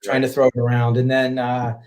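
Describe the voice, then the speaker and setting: A man, an independent filmmaker, telling stories in a relaxed, rambling way as a podcast guest. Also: mid-range voice, a little fast. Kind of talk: casual interview chat.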